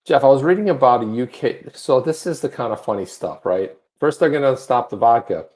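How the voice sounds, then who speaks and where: A man in mid pitch hosts an online news show. He banters in a loose, jokey way and often breaks into reading a story aloud, pausing to comment on it. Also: animated, a little mellow. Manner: jokey, talks over his partner, reads stories aloud. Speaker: co-host of a crypto news show.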